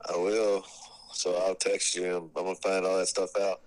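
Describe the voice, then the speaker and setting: A man's voice: low-pitched, flat delivery, normal speed, darkish tone, rough recording. A man, a podcast guest and former bandmate of the host, chatting on a call, blunt and laughing, with plenty of swearing. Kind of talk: casual phone chat.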